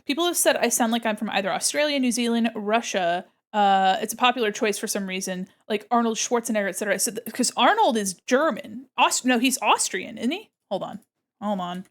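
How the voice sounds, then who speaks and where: An American woman streaming, chatting casually with viewers while drawing, self-deprecating and quick to laugh. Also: fairly high pitch, lively intonation. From United States.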